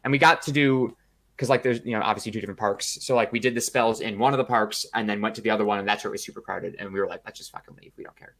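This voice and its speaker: A man co-hosting a podcast, telling a story in a casual, profane, animated way with acted-out quotes. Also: on the low side, rapid-fire. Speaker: podcast co-host.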